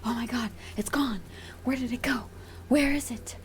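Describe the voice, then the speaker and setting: A woman voicing her upset male dog in a frantic, breathy whisper, as whispered role-play. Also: a little high, steady tone, normal speed, a little hiss or hum, voice pushed up, natural voice.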